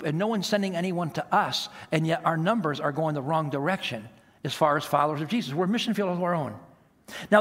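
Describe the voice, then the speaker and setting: A man preaching a sermon as pastor, animated and asking the congregation rhetorical questions. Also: a little high. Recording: long reverb of a large hall.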